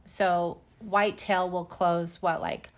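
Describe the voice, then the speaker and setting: A woman's voice: fairly low pitch, steady tone, slow pace. A middle-aged woman from Wyoming co-hosting a casual chat, telling stories with sarcasm and swearing freely. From Wyoming, United States. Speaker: podcast co-host.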